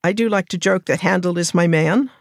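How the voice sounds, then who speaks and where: A woman musicologist answering interview questions in a reflective, unhurried way. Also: fairly low pitch, gravelly, dry recording, studio quality. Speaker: musicologist guest.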